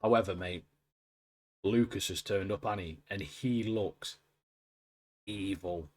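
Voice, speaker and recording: A man's voice: low voice, takes it slowly. Chatty man, podcast co-host. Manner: chatty, laughs often, calls people mate. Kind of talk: casual chat.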